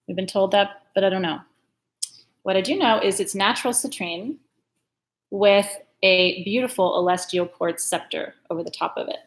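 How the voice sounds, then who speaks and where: A woman's voice: medium pitch, normal speed. A woman hosting a live-stream sale, chatting in a gushing way and laughing often. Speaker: host selling crystals. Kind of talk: live-stream sales chat.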